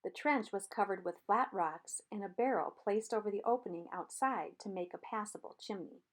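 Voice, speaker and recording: Woman reading an audiobook chapter. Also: mid-range voice. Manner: steady, measured storytelling. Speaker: audiobook narrator.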